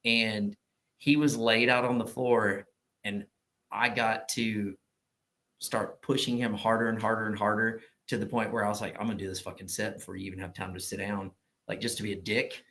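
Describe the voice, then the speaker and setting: A man, a gym owner telling loud, profane stories on a casual podcast. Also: fairly low pitch, flat delivery, normal speed. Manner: loud, profane storyteller acting out quotes. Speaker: gym owner and powerlifting coach.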